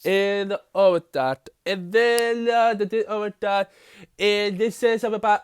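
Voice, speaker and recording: A man's voice: high voice, a little slow, smooth, no echo, studio quality. A man reviewing a TV episode, recapping the plot in a rambling way with many fillers and restarts.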